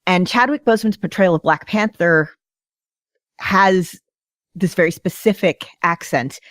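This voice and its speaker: A woman co-hosting a fan podcast, chatting in an animated, enthusiastic way. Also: on the low side, measured pace, dry recording, clean studio sound. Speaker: podcast co-host. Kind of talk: casual podcast chat.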